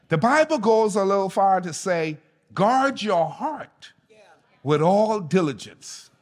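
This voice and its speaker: A man's voice: high voice, big-room sound. A man preaching a sermon as pastor, speaking emphatically and calling on the congregation to respond. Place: church.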